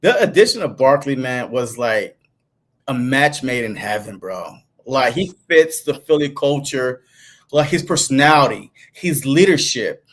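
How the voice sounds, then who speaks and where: A man's voice: medium pitch, expressive, measured pace, fairly bright tone. A man co-hosting a casual sports podcast, laid-back and peppering his talk with "man". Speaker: podcast co-host.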